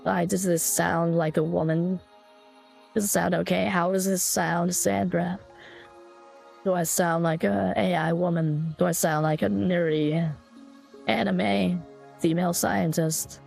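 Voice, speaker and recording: A man's voice: high-pitched, flat delivery, a little slow, vocal fry, darkish tone, faint music behind, pitched above the performer's own voice, exaggerated voice. Man through an AI filter as a nerdy anime woman scientist. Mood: teasing. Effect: AI voice changer turning him female.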